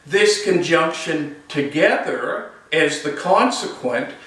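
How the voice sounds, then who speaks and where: A man teaching a logic lesson, talking through examples slowly and deliberately. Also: a little high. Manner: slow, deliberate, lively rising and falling intonation. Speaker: logic instructor. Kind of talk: recorded lecture. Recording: echoey room, voice far from mic.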